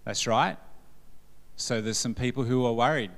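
A man's voice: mid-range voice, moderate pace, a bit bright, big-room sound. A man preaching at a church service, joking and quizzing the congregation as he goes. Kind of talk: sermon.

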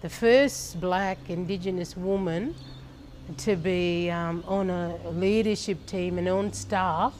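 In a fairly low, slightly mellow voice with a touch of hiss or hum, a middle-aged Australian churchwoman from the leadership team relates her personal testimony. The storytelling is slow and sincere, punctuated by pauses and laughter.

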